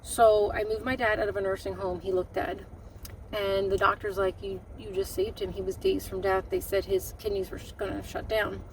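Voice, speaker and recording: A middle-aged woman tells a personal story straight to the camera, emotional and halting, often breaking off and restarting. Her voice sits a little away from the mic. Faint outdoor traffic hums underneath. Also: medium pitch, level tone, distant mic, rough recording. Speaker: vlogger.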